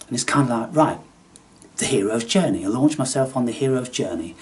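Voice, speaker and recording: A man hosting a spiritual channel, talking in a theatrical, taunting way that swings between loud outbursts and hushed asides. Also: mid-range voice, lively intonation, brisk, far from the mic. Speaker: channel host. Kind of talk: spiritual vlog monologue.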